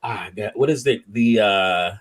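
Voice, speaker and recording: A man's voice: lowish voice, a little slow. A man hosting a movie review show in casual chat, laughing often, swearing freely and searching for words.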